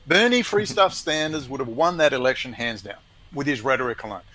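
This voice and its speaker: A man's voice: mid-range voice, expressive, a little fast, bright, forceful tone, poor audio. A man ranting emphatically and scornfully in a heated conversation, with many restarts.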